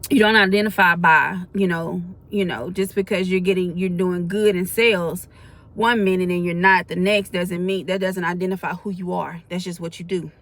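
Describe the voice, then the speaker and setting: A woman's voice: on the low side, fairly even intonation, moderate pace, a bit bright. A woman in her forties gives a spoken faith testimony. She talks in a colloquial, earnest way that builds into preaching. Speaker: faith vlogger.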